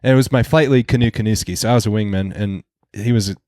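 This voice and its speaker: A man's voice: fairly low pitch, fast talker, mellow, dry recording, studio quality. A man who is a pilot recalls a mission in casual podcast talk, often repeating himself as he remembers. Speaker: guest, A-10 pilot.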